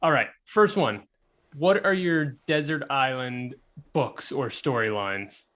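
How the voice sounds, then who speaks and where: A male podcast host in a casual conversation, moving through quick questions in a relaxed way. His voice sits in a middle register. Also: medium pitch. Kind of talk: casual interview.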